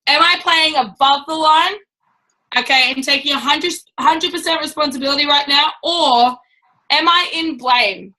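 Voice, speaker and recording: A woman's voice: sits high, moderate pace, sharp tone, low-quality recording. A woman giving a casual, blunt and chatty training talk to a business team. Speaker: network marketing trainer.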